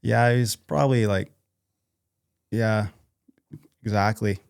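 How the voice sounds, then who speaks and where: A man from North Idaho, a podcast guest talking casually in a halting way, with many fillers and restarts. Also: lowish voice, fairly even intonation, creaky, clean tone, no room sound, clean studio sound. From North Idaho, USA. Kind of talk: casual interview conversation.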